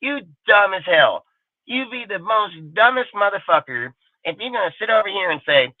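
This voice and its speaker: A man hosting a sports talk show in a casual, animated, rambling rant full of swearing. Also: sits high, unhurried, no room sound. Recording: tinny phone-like line, dry.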